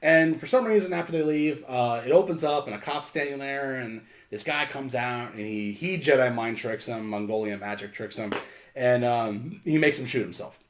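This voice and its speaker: A man's voice: mid-range voice, moderate pace. A man hosting a casual movie review, recapping the plot in a sarcastic, rambling, profane way. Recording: roomy echo.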